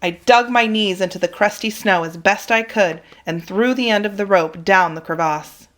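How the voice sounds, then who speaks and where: A woman reading a children's chapter book aloud in an expressive, dramatic way. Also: medium pitch, normal speed. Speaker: reader for children. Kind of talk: storybook read-aloud.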